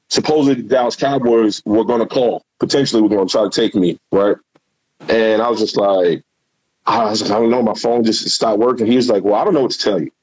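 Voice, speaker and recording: A middle-aged man, a guest and former football player, telling a rambling, animated story in casual talk and swearing freely. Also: on the low side, brisk, husky, dry recording, rough recording.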